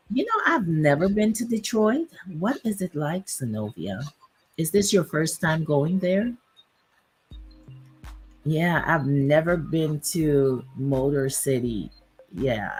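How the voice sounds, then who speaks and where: Deep-voiced lady chatting slow on a livestream, lots of ums, kinda hoarse, faint music under. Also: expressive, darkish tone, poor audio. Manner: unhurried, chatty, with many fillers. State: losing her voice. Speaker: YouTube livestream host. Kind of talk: casual livestream chat reading viewer comments.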